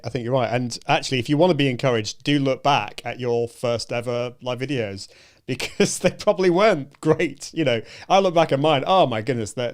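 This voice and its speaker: A man hosting a conversation, encouraging and warm-hearted in tone, often restarting his sentences. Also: medium pitch. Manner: encouraging, hesitant with many restarts. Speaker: show host. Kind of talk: casual conversation.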